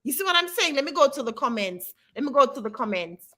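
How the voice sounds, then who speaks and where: A woman hosts a live stream, offering advice and addressing her viewers by name in a direct, encouraging way. Her voice is high-pitched and sharp, swinging widely in pitch as she talks quickly.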